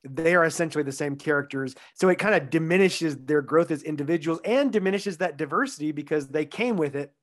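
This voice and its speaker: Man, podcast co-host, measured explaining, somewhat high voice. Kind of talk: casual film review chat.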